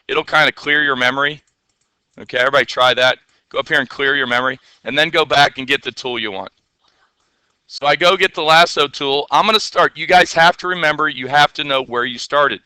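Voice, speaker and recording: A man leads a classroom lesson on software, talking casually and checking in with his students again and again. His voice sits a little high and is very bright and clean. The sound is dry and close. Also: smooth, no echo. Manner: chatty, asks the class questions, playful asides. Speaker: teacher.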